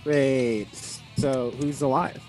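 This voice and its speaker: A man's voice: medium pitch, steady tone, slow, a little mellow, faint music behind, rough recording. A man playing a tabletop game, talking casually and a little hesitantly. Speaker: player.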